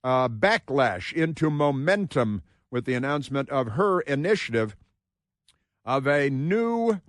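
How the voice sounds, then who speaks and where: A man hosting a talk radio show, delivering an opinionated monologue in a sarcastic tone with drawn-out, emphatic phrasing. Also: on the high side, no echo, clean studio sound.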